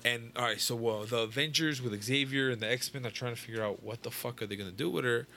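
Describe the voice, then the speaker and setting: A man's voice: medium pitch, quick pace, creaky, bright, forceful tone, slight background noise. A young man casually retelling a comic book story to a friend, rambling and swearing, full of fillers and restarts. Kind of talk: casual chat.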